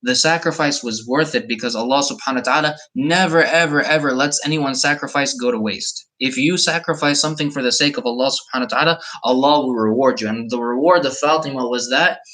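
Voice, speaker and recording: A man's voice: medium pitch, fast, few pauses, pushed and bright, low-quality recording. A young man teaching a live-streamed Islamic story lesson, telling it vividly and speaking to online viewers. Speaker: mosque teacher.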